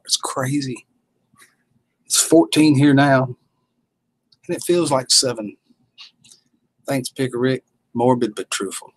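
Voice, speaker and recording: A Southern US man hosts a casual livestream, reading viewer comments aloud and answering them in a folksy manner. His voice is medium-pitched and a bit bright, with no echo but poor audio quality.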